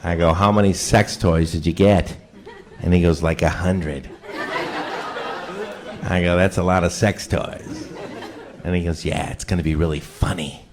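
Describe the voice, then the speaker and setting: A man doing a stand-up comedy set, telling a family story and acting out his drunk, shouting father. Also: sits low, steady tone, measured pace, pauses often, a crowd in the background. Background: audience laughter.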